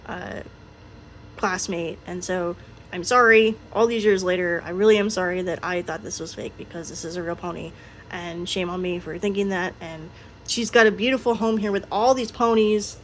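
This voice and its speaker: A woman's voice: medium pitch, a little hiss or hum. A woman chatting casually through her toy collection, rambling with frequent ums and little laughs. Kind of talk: casual show-and-tell chat.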